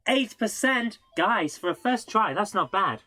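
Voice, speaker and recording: A woman's voice: fairly low pitch, expressive, a little slow, bright, forceful tone, soft background music. A woman hosting a live gaming stream, chatting casually and laughing at her own mistakes as she plays. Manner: chatty, self-mocking, laughs often. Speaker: live-streaming game host. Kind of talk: casual live gameplay commentary.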